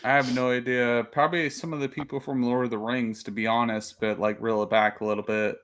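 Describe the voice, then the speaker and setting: A man's voice: on the low side, fairly even intonation, fast talker, a bit bright. A man in casual chat who talks hesitantly and leans heavily on fillers.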